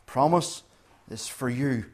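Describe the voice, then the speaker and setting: A man preaching a sermon as pastor, slow and emphatic, repeating key phrases. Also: medium pitch. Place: church during communion service.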